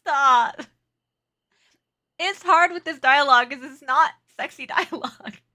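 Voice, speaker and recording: A woman's voice: sits high, moderate pace, sharp tone. A woman streaming a game, chatting casually with viewers, laughing often and flustered. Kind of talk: casual live-stream chat.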